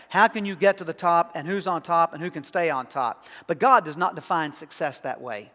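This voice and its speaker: A man from South Arkansas with a Southern accent, preaching a sermon in a folksy, emphatic way that grows louder on key points. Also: a little high, fairly even intonation, a little fast, big-room sound. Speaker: pastor. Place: church sanctuary.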